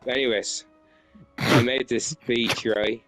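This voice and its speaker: A man's voice: mid-range voice, steady tone, slow, fairly bright tone, faint music behind, low-quality recording. A man telling pun stories in casual chat with friends, checking in with "right?". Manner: setting up puns with frequent "right?".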